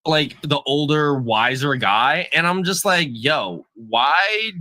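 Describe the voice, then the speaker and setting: A man talks casually about a movie on a podcast in a hyped, animated way, looping back over his own words. His voice sits a little high and sounds bright and sharp. The sound is dry and close. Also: measured pace, dry recording. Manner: hyped, animated, repeats himself. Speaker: podcast co-host. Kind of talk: casual movie review chat.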